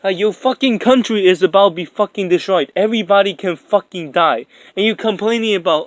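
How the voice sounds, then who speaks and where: A young man with a high-pitched voice rants in a rambling, profane way, full of fillers and exasperation. The sound is dry and close, with no room around it. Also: normal speed, no room sound. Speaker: anime commentator. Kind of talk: ranting commentary.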